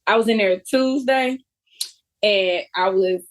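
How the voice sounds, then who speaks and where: Teasing woman co-host. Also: mid-range voice. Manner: teasing, quick comebacks. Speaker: podcast co-host. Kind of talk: casual banter.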